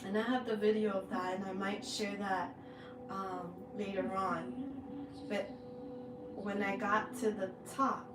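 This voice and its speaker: A woman hosting a spiritual tarot reading, speaking slowly and with open emotion. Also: medium pitch, level tone, reverberant, recorded from a distance, noisy background. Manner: slow, heartfelt and emotional, with drawn-out words. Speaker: spiritual reader, channel host. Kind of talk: tarot energy reading, personal sharing.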